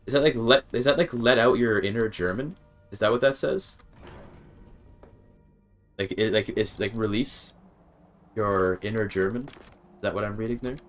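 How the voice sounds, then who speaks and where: This man's voice is on the low side at normal speed, with long pauses and faint music in the background. He's streaming a video game and chatting casually with viewers, swearing and restarting sentences when things frustrate him.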